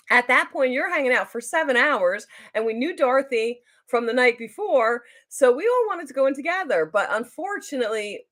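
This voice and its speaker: A woman's voice: fairly high pitch, a bit bright. Chatty middle-aged woman live-streaming. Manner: rambling, chatty, many fillers and restarts. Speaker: YouTuber hosting a live stream. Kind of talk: casual live-stream storytelling.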